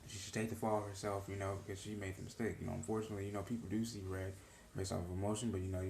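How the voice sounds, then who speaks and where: This TV reaction vlogger speaks fast in a low, gravelly, slightly mellow voice with little pitch movement, in an echoey room. Earnest and emotional, he recaps the episode casually and rambles, saying "you know" again and again.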